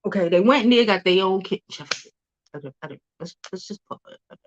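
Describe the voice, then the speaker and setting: A woman's voice: medium pitch, expressive, fairly quick, dull audio, slight background noise. A woman hosting a casual celebrity news livestream, chatty, laughing often and cursing freely.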